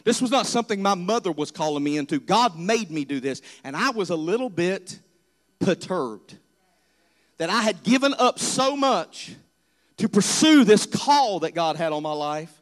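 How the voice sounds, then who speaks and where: High-voiced earnest male preacher. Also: lively intonation, moderate pace. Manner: earnest, dramatic storytelling preacher. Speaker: pastor. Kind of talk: sermon testimony.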